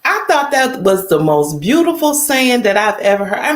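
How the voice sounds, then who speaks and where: A woman in her fifties hosting a casual livestream, talking straight to her viewers in an animated, emphatic storytelling way. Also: sits high, moderate pace, hardly any pauses. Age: 50s. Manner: animated, emphatic, storytelling, addresses chat directly. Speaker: livestream host.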